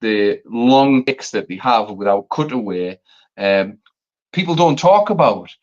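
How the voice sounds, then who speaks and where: A man's voice: mid-range voice, animated, measured pace, a little mellow, muffled recording. A man co-hosting a casual chat show, talking with passion, rambling and swearing freely. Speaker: podcast co-host.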